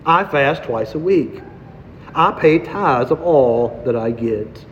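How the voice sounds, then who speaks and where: A smug Pharisee, as a male preacher reads him boasting in a lowered, measured voice. The sound is dull and rings out in a long hall. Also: animated, a little hiss or hum. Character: proud self-righteous male Pharisee praying.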